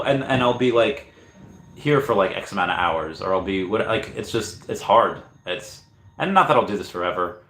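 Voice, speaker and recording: A man in his thirties talks to his livestream chat in a loose, rambling way, stalling on words and starting over as he thinks aloud. His voice sits a bit low, and it carries an echo from the room around him. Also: normal speed, pushed and bright. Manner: hesitant, restarts often, reads chat aloud. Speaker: livestream host. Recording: echoey room.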